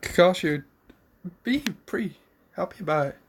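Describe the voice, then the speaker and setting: A man's voice: high-pitched, lively intonation, moderate pace, a little hiss or hum. A man casually retelling a fan story, rambling with fillers, self-corrections and the odd cough.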